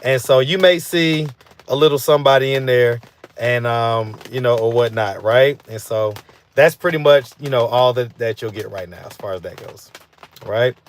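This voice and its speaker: A man's voice: medium pitch, a little hiss or hum. Easygoing man rambling on a live stream. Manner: loose and rambling, full of fillers like "you know what I'm saying". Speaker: host of a street interview channel. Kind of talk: casual live-stream chat, reading viewer comments.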